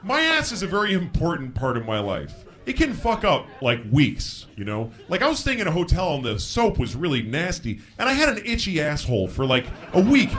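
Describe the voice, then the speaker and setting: Guy doing standup, bright voice, kinda high, swings all over, crowd laughing a bit in the back. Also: a little fast, hardly any pauses. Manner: frank, animated storytelling with shouted impressions. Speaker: stand-up comedian. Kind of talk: stand-up comedy routine. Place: theater stage before a live audience. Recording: live show with audience laughter. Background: audience laughter.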